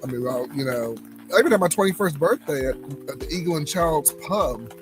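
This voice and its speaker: A young man with a Southern US accent chats casually on a cigar livestream. His voice sits a little high, and he rambles along, stopping and restarting his sentences as he goes. Clear music plays in the background the whole time. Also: animated, fairly quick, rough recording. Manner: rambling storytelling with many fillers and restarts. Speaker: cigar lounge livestream host.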